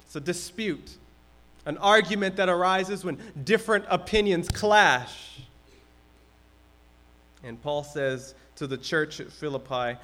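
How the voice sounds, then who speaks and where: Man preaching, fairly high voice, chatty sermon style, acts out grumbling. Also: slow pace, a bit bright. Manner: conversational preaching, acts out everyday complaints. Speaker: pastor.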